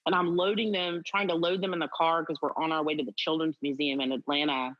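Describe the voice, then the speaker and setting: A middle-aged woman, a guest on an interview, telling a personal story in an animated way with many fillers. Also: sits low, fast talker. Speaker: guest, district attorney. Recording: slightly dull audio.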